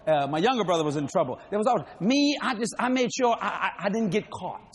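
A man's voice: high-pitched, animated, fast. A man preaching a sermon, telling funny stories in a folksy way and laughing between lines. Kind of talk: humorous sermon storytelling.

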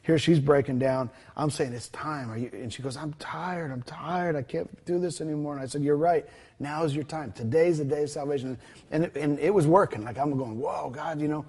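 A man's voice: a little high, a little fast, a little mellow, slightly rough. A man telling a ministry story in a conversational interview, retelling the dialogue with many fillers and restarts. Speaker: guest telling a ministry testimony.

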